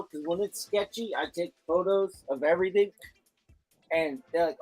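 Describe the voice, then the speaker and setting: A man's voice: fairly high pitch, normal speed, no echo, soft background music, low-quality recording. A man who works as a delivery driver, telling stories in casual chat and swearing often. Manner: animated storytelling, frequent swearing.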